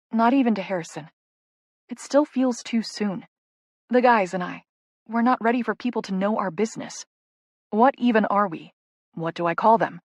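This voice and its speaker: A woman's voice: mid-range voice, no room sound. Intimate woman audiobook narrator. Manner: intimate, emotional inner monologue. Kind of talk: first-person audiobook narration.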